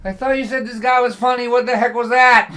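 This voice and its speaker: A man voicing a let-down concert-goer who loudly mocks the show he just sat through. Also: very high-pitched, background noise, voice pushed up, heavily acted. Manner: loud, mocking complaint.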